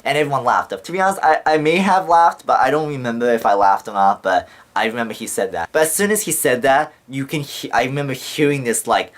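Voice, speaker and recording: A man's voice: medium pitch, a little fast, hardly any pauses. Young man rambling with heavy swearing. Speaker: vlogger. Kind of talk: casual storytelling to camera.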